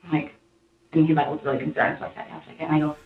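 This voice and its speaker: A woman recounts events to an interviewer, rambling and acting out the quotes. Her voice sits a little low, and the archival recording is tinny and echoey. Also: level tone, racing. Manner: rambling retelling, acts out quotes.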